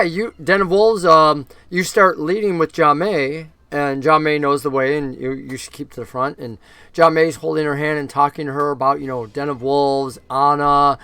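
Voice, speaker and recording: A man narrating a tabletop role-playing game as game master, talking in a lively way and jumping into character voices. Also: on the high side, clear, resonant tone, no echo.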